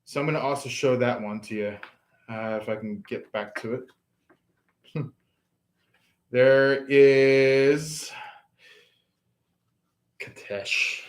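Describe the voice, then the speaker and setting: A man's voice: medium pitch, takes it slowly, pauses often. A man giving a casual tarot reading, rambling with many fillers and restarts. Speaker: tarot reader.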